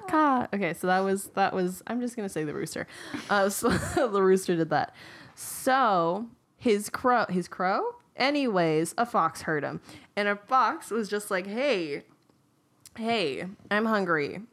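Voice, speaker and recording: A woman's voice: medium pitch, lively intonation, measured pace. Giggly young woman retelling a fable. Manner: giggly, rambling storyteller. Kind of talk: casual chat, retelling a fable.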